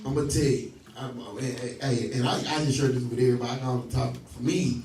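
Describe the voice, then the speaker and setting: A man's voice: mid-range voice, steady tone, quick pace, a little mellow, far from the mic, a little hiss or hum. A man leading a scripture study, preaching emphatically, stopping his reader to repeat and question each line and telling folksy stories. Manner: folksy, tells stories with laughs. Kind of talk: call-and-response preaching. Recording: roomy echo, voice from off the mic.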